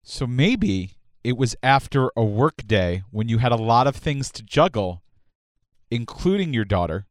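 A man co-hosting a talk show, teasing and arguing quickly. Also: mid-range voice, big pitch swings, no echo, clean studio sound. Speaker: radio show co-host. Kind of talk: casual talk show chat.

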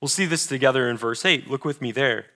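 A man preaching a sermon as pastor, earnest, moving between emphatic declarations and hushed, slower readings of scripture. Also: mid-range voice. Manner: reads scripture slowly and deliberately.

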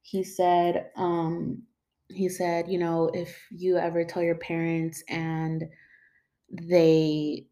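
A woman's voice: on the low side, monotone, slow pace, warm tone. A young woman speaking mixed in, telling a personal story in a rambling, casual way many fillers and emotional moments.

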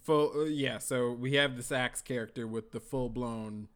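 A man's voice: mid-range voice, moderate pace, fairly bright tone, clean tone. A man on a casual movie-review podcast, recapping the plot in a loose, rambling way, with fillers and chuckles. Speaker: podcast co-host.

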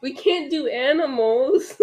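A woman's voice: high-pitched, slow pace, warm tone. A young woman co-hosting a casual chat, teasing and laughing often. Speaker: co-host.

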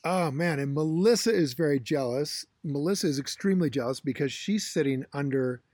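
A middle-aged man co-hosting a podcast, telling rambling stories in a casual, animated way. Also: on the high side, fairly quick, dry recording. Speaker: podcast co-host. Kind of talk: casual chat.

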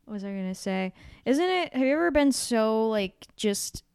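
A woman's voice: fairly high pitch, lively intonation, normal speed, darkish tone, smooth, no echo, studio quality. A young woman on a podcast, giggly and full of fillers, telling a story in casual chat. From Massachusetts. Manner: giggly, laughs often, many fillers. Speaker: podcast co-host.

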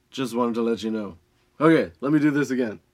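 A young adult man, high and laughing often, reading odd facts and ranting with a lot of swearing. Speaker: podcast host. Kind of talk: casual stoned rant.

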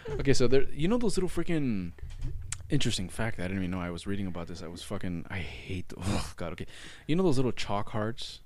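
Casting: male podcast co-host, casual and animated, swearing freely, lively pitch. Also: quick pace, no echo. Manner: animated, swearing, rambling with restarts. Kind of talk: casual chat.

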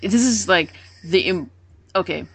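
A woman's voice: fairly low pitch, unhurried, fairly bright tone, husky, no echo. A woman co-hosting a podcast in casual chat, animatedly acting out characters' lines in raised voices. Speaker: podcast co-host. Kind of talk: casual chat recapping a comic.

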